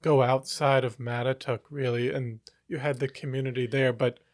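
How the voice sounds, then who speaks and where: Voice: mid-range voice, little pitch movement, moderate pace, no echo, clean studio sound. A podcast host asking brief, attentive questions of a guest. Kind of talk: interview host.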